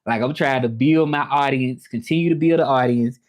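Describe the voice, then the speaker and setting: This livestream host, who also works as an interpreter, talks a little fast at a medium pitch in a Southern US accent. Relaxed and chatty, he repeats phrases and works in some French.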